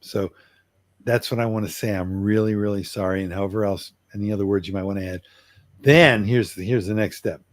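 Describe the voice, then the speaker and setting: A middle-aged man coaching on communication, acting out an apology in an earnest way and slowing down for emphasis. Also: on the low side, steady tone, dry recording. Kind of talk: role-played apology demonstration.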